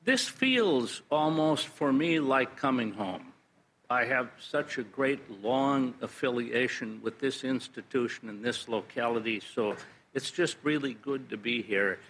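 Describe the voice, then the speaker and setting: A man's voice: mid-range voice, animated, measured pace, a bit bright, slightly rough, low-quality recording. A man speaking to a board at a public meeting as their federal lobbyist, with dry humor and a storytelling manner.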